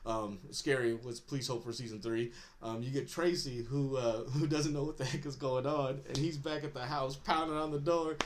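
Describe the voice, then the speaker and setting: A man's voice: mid-range voice, steady tone, moderate pace, hardly any pauses, slight background noise. A man hosting a podcast, recapping a TV episode in casual talk, laughing often and acting out the characters' lines. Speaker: podcast host.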